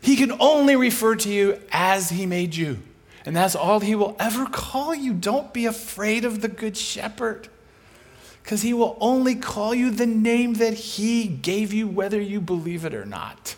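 A man with a high voice delivers a sermon in an animated, storytelling way. He slips into the voices of the people he describes to act out each scene. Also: unhurried. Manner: acts out the people in his stories. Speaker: preacher.

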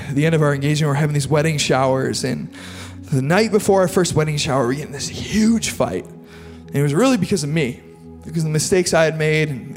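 Earnest higher-voiced male preacher. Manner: earnest and confessional, loose with fillers like "like". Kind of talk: sermon testimony. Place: large hall with an audience. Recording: long hall reverb with faint music behind.

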